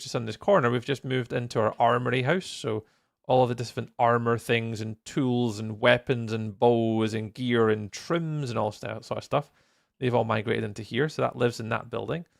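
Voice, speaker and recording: A man's voice: medium pitch, creaky, dry recording, clean studio sound. A man hosting a live stream, chatting casually and rambling while he builds and greets viewers, tired and yawning. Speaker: livestreamer and server host.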